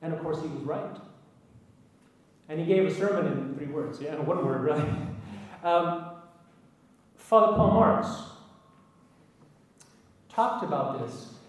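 A man's voice: on the high side, animated, slow pace, long pauses. A man giving an anecdotal public talk to an audience, earnest, with wry asides and emphatic lists. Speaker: speaker addressing an audience. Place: large echoey hall with an audience. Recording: echoey hall, voice from far off.

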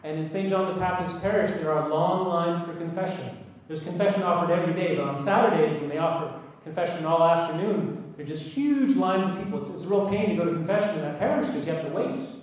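Talking fast with hardly any pauses, a high-voiced man addresses an audience with an earnest, anecdotal talk full of emphatic lists and wry asides. He's far from the mic, and a large hall's strong echo rings around each phrase.

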